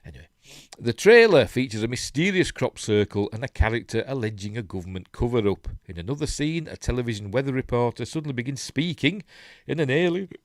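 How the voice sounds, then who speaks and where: A Yorkshire man hosts a casual live stream, reading articles aloud and drifting into chatty asides full of tag questions and chuckles. His voice sits low, and the sound is dry and close with no room around it. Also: no echo. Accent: Yorkshire English. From Yorkshire, England. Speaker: host of a news live stream.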